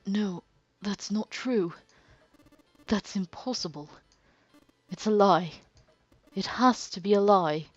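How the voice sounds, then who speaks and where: A woman's voice: mid-range voice, slow, long pauses, no room sound, highs cut off, soft background music. A woman voicing a young man in stunned denial, pleading and disbelieving.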